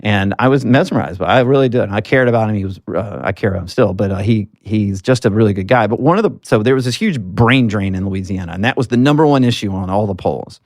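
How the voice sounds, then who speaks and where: A man's voice: fairly low pitch, expressive, fast talker, few pauses, dry recording, clean studio sound. A man from Alabama, a political marketing guest, telling stories earnestly in a casual interview with plenty of fillers. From Alabama, US South. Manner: earnest storytelling with frequent fillers.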